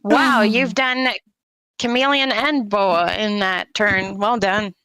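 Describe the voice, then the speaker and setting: A woman's voice: mid-range voice, fairly even intonation, slow, pushed and bright, clear, resonant tone, dry recording, rough recording. A woman from Canada, a fellow player chatting casually and patiently explaining rules, with light teasing. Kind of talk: casual chat during a board game.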